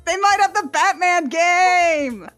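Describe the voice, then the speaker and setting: A woman's voice: extremely high pitch, lively intonation, slow, fairly bright tone, faint music behind. A young adult woman giving casual, sarcastic commentary while playing a game with friends. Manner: sarcastic, mocking. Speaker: let's play host.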